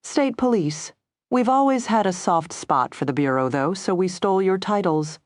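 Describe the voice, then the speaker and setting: A woman's voice: mid-range voice, animated, normal speed, no room sound, pitched above the performer's own voice, natural voice. A woman voicing an easygoing male state agent with a Southern accent, drawling politely in an audiobook. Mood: amused drawl.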